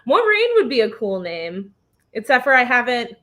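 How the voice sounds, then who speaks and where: Woman, host, casual video-call chat, giggly, laughs a lot, fairly high voice. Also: big pitch swings, normal speed, sharp tone. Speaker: host of a reading livestream.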